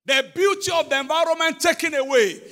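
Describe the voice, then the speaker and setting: A man with a Nigerian accent preaching a sermon in a church service. He preaches emphatically, asks the congregation questions, and swings between shouts and quiet passages. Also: very high voice, a little fast. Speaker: pastor.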